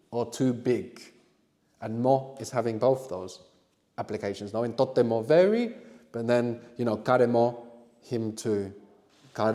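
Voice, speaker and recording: A man's voice: mid-range voice, mellow, long reverb tail. A man teaching a live language workshop, coaxing students with questions and asking them to think aloud. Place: classroom with students.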